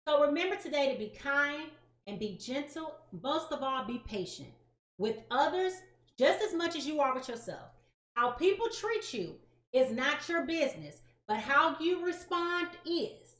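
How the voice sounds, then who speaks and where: A woman tarot reader, talking straight to her viewers in a lively, sassy, emphatic way. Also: high-pitched, normal speed, roomy sound. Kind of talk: casual direct-to-camera chat.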